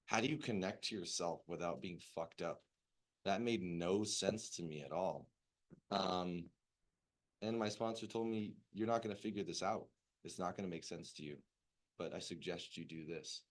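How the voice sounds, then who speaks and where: A man's voice: sits low, moderate pace. A young man sharing his recovery story in a loose, rambling way, with lots of fillers and swearing. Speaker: recovery meeting speaker. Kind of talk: personal recovery story, casual.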